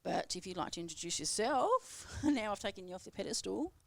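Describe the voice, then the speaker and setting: A woman's voice: mid-range voice, expressive, fairly quick, vocal fry, fairly bright tone, dry recording. Hesitant woman hosting live radio. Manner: hesitant, with many ums and restarts. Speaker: radio host. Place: radio studio.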